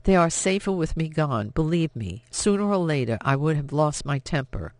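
A man voicing a headstrong young woman of nineteen, impassioned and sharp as she stands up to her father. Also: on the high side, animated, moderate pace, no echo. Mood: defiant.

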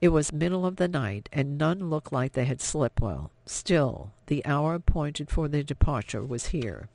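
A man reading an audiobook in scripted narration, measured and even. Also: on the high side, no echo.

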